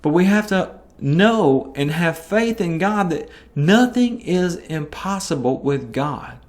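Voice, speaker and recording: A man hosting a Bible teaching podcast, talking in a relaxed, conversational way. His voice sits a little higher than most men's. He gets animated when he acts out what people said. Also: takes it slowly. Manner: lively, conversational, swings into animated quoted voices. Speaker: podcast host teaching scripture.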